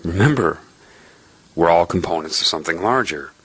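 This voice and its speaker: A man's voice: low voice, expressive, moderate pace, fairly bright tone, breathy edge. A man giving an earnest spiritual monologue in the form of a personal story, explaining his points step by step and checking in with "right?".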